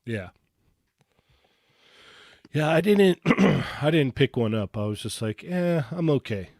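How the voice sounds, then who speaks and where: A man co-hosting a live toy collecting podcast, relaxed and agreeable, with hesitant restarts and questions for the others. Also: mid-range voice, slow pace, no room sound, clean studio sound. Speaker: co-host of a toy collecting show. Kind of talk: casual live podcast chat.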